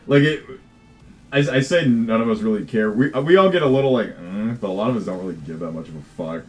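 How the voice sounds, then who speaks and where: A man's voice: mid-range voice, wildly swooping pitch, fairly quick, soft background music. A man chatting casually on a livestream while he codes, swearing, laughing easily and often restarting his words. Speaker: game developer livestreaming.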